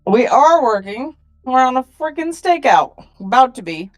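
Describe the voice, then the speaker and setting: A woman's voice: high-pitched, sing-song, moderate pace, soft background music. A woman playing a tabletop game who chats casually and teases the others. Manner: teasing, playful. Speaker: player.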